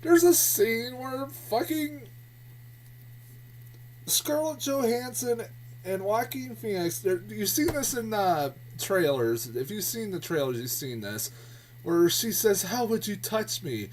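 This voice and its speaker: A man's voice: sits high, lively intonation, takes it slowly, recorded from a distance, a little hiss or hum. A man giving a casual, profane movie review, sounding exasperated and often laughing. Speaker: film reviewer.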